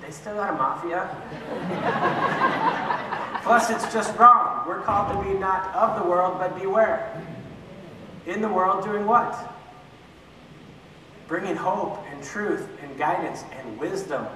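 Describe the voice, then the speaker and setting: A man's voice: sits high, slow pace, pauses often, pushed and bright. A man teaching an adult church class, asking questions and answering them himself, with joking asides. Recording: echoey hall from far off, faint room noise.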